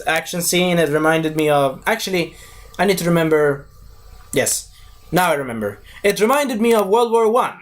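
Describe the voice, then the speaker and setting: Rambling man with a higher voice. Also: expressive, normal speed. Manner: rambling, loses his thread and corrects himself. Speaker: movie reviewer. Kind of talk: casual spoken movie review.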